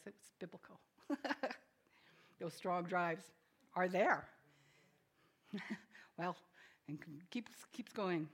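A woman preaching a sermon in a mid-range voice. She talks to the congregation directly and keeps putting questions to them. Her firm declarations alternate with soft, self-deprecating asides. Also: mid-range voice. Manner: swings from emphatic declarations to soft, quiet asides.

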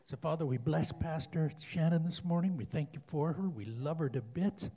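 A man leading an earnest spoken prayer in church, halting and repeating himself as he speaks. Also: fairly high pitch, dark tone.

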